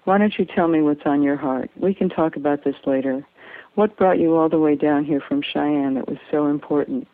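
A woman voicing a folksy, fatherly older male doctor who speaks in a gentle, coaxing way, on a tinny, dry recording. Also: low-pitched, moderate pace, no echo. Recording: tinny phone-like dry sound.

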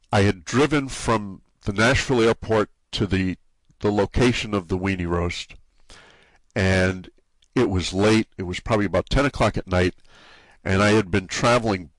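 A man with a New England drawl talks casually in an interview, tripping over his words and repeating himself as he goes. His voice sits a little low and is recorded dry and close to the mic, with no room sound. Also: no room sound. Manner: halting, many restarts and repeated words. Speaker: forum site owner being interviewed.

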